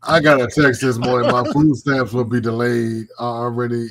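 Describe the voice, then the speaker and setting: Guy cohosting a live show, middle pitch, swears a lot, animated and laughing. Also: moderate pace, a crowd in the background. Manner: animated, profane, laughs often. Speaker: co-host. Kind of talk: casual live-show banter.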